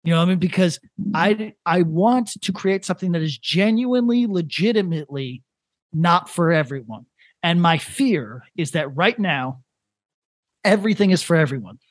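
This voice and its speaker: A man in his thirties co-hosting a casual comedic podcast, rambling in a deadpan way with lots of restarts. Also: high voice, normal speed, no echo. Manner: rambling, deadpan, building to a prank. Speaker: podcast co-host.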